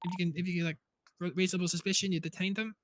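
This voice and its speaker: Bright, stammering man playing a cadet. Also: high voice, level tone, very fast, slight background noise. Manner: rambling, stammering complaints. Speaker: police cadet in a roleplay. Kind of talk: role-play game chat.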